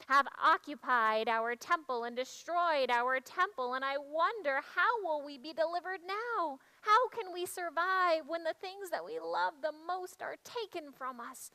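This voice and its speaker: A woman shares a church story as a first-person dramatic monologue, speaking in a hushed, reflective way. Her voice sits high and sounds bright and clear. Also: poor audio.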